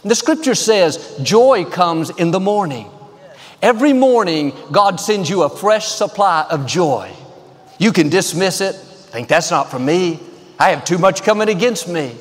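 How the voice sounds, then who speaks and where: A man's voice: high voice, animated, measured pace, big-room sound. A man preaching an upbeat, emphatic sermon as a pastor in a large church auditorium. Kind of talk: televised sermon.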